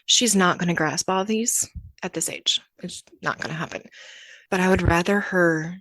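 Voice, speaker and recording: A young adult woman talks through a personal story on her podcast, candid and chatty, slipping into the voices of the people in her story. Her voice sits a little low. The sound is dry and close, with no room around it. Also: normal speed, a bit bright, no room sound. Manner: candid and conversational, acting out quoted exchanges. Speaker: podcast host.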